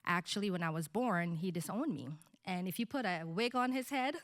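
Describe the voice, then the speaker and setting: A woman's voice: on the low side, lively intonation, brisk, no echo, studio quality. A woman in her thirties telling a personal story in a candid, storytelling manner on a podcast. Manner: candid, storytelling, laughs lightly. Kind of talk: personal testimony in conversation.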